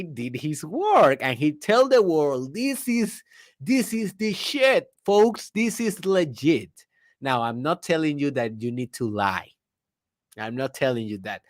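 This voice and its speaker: Young Spanish-native male host, upbeat motivational storyteller, higher register. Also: no echo, studio quality. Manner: animated storytelling with laughter and non-native grammar. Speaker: podcast host. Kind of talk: casual motivational monologue.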